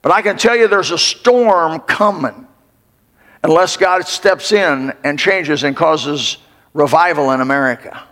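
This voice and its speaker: An older man, a pastor, preaching a fervent sermon and rising to sudden shouts. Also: a little high, a little slow. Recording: long hall reverb.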